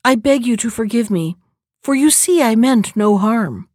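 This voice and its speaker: A frightened merchant father from a storybook, humble and pleading, as a woman reader puts him on. The voice sits fairly high and is recorded close and dry. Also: expressive, moderate pace, darkish tone, no echo. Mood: despairing. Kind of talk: storybook reading.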